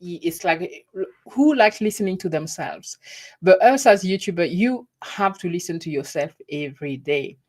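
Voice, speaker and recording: Middle-aged woman, slightly low voice, chatty vlogger, laughs at herself. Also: lively intonation, moderate pace, a little mellow. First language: French. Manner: chatty, laughing, self-deprecating. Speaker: YouTube host. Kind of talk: casual live stream chat.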